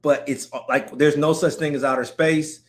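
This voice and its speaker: A man with a slightly higher voice than most talks loosely on a live stream. He rambles, cracks jokes and calls out to viewers by name in a relaxed, offhand way. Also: normal speed. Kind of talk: casual live-stream chat. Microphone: streaming setup mic.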